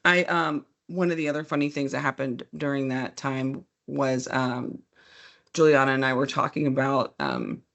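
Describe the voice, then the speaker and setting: Gravelly animated woman podcast host. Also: very deep voice, moderate pace. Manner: animated storyteller, laughs often. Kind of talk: casual chat.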